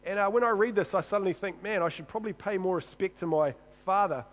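A man's voice: sits high, fast talker, low-quality recording. A man preaching a sermon in a church, casual and joking, often stumbling and repeating his words as he reads and comments.

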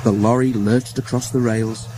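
A man narrating a children's railway story in a measured, expressive reading voice. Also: mid-range voice, a little hiss or hum. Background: music.

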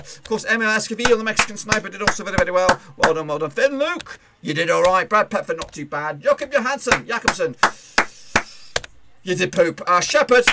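A man hosting a casual football predictions recap, chatty and playful, with quick asides, fillers and a voice he says he is losing. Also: fairly high pitch, lively intonation, very noisy. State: losing his voice.

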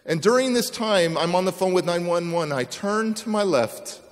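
Man telling a dramatic story in a hall. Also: fairly high pitch. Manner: dramatic storytelling, acting out quoted voices. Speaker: motivational speaker. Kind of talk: motivational speech, personal storytelling. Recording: long reverb of a large hall.

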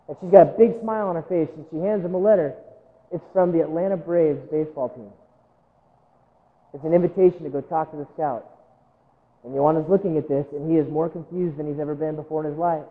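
A man's voice: sits high, fast, in a large hall, phone-quality sound. A male pastor preaching a sermon in a church, telling a story and acting out quotes, with direct appeals to the congregation. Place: church sanctuary.

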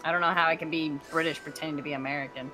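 A woman bantering with a friend on a game stream, wry and grumbly, with a bright, sharp voice. Faint music plays in the background. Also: deep voice, fairly even intonation, racing, rough recording. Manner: wry, grumbling, swears freely. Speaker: co-player on stream. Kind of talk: casual gaming stream banter.

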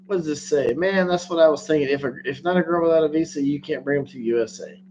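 A man hosting a loose livestream, talking crudely and bluntly to his viewers. His voice sits slightly higher than most men's. A faint electrical hum runs under the recording. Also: quick pace, highs cut off. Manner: crude, blunt, laughs often. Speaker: livestream host. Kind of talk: casual livestream chat.

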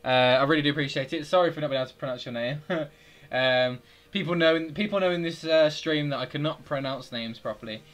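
A man in his twenties with a British accent, commenting live on his own football video game, swearing a lot and swinging from mutters to yells. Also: fairly high pitch, fast. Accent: British English. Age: 20s. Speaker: gaming streamer.

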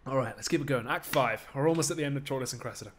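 A man's voice: mid-range voice, racing, slight background noise. A man live-streaming a Shakespeare reading for charity, breaking off for chatty, joking asides to his viewers.

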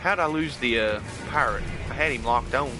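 A man's voice: medium pitch, normal speed, over music. A man with a Southern US accent, chatting casually as he streams a game and reads out viewer comments in a laid-back way. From United States. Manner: laid-back and chatty, drawling "heck yeah" and "dude", reads chat aloud. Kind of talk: casual live-stream gaming chat.

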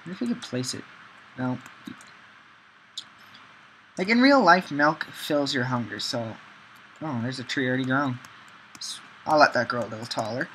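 Male let's-player, bright forceful voice, rambling self-talk commentary, chanty word repeats. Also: mid-range voice, moderate pace, pauses often, slight background noise, low-quality recording. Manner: rambling, chants words over and over while playing; talks to himself, frequent ums. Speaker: gameplay video maker. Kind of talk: gameplay commentary.

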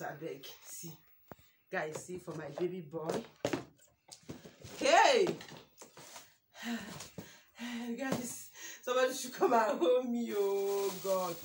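A woman's voice: mid-range voice, animated, slow pace, pauses often, roomy sound, slight background noise. A woman in her thirties with a Nigerian accent, chatting emotionally through an unboxing vlog, exclaiming, repeating herself and praying aloud. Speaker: vlogger. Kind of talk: excited unboxing chat with prayers.

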